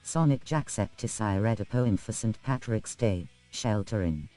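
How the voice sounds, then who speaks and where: A man's voice reading short viewer chat messages aloud in a flat, clipped way. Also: lowish voice, moderate pace, faint music behind.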